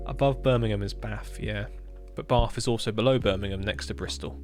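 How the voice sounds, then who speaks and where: Casual streamer, Hampshire accent, lowish pitch, easy chatty banter over soft background music. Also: male voice, brisk. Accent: Hampshire English. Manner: chatty, laughs often, reads out chat. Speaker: livestreamer. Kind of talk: casual live-stream chat.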